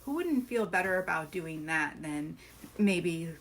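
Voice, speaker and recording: A woman's voice: lowish voice, animated, unhurried. A woman hosting a live coaching stream, talking earnestly and encouragingly, asking her viewers questions.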